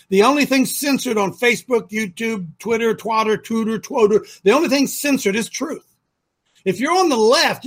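A middle-aged man hosting a ministry talk show, telling a story with fervor in repetitive bursts that climb to near-shouts. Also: very high voice. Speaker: ministry leader and show host. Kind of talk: impassioned conversational storytelling.

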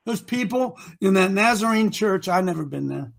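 Man, very high voice, fiery preacher, stammering restarts, shouts. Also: lively intonation, normal speed, vocal fry, few pauses. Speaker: group leader called Coach.

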